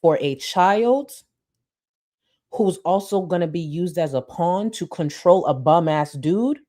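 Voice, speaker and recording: A woman's voice: lowish voice, expressive, takes it slowly, warm tone. A woman streamer giving blunt, emphatic commentary, swearing freely and reading chat comments aloud.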